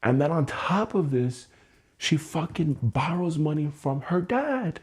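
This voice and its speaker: A man with a slightly high, husky voice vents his frustration on a livestream. He swears often and sounds exasperated, yet he keeps his voice low because it is the middle of the night at home. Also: sing-song, a little slow, darkish tone. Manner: keeping his voice low so as not to wake someone. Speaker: livestream host. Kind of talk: emotional livestream venting.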